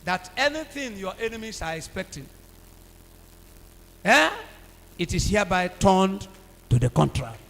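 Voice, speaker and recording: A Nigerian man preaching a sermon, calling out for the congregation to answer and swinging from low talk to shouts. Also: expressive, unhurried, creaky, long pauses. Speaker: pastor. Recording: reverberant hall with faint hum.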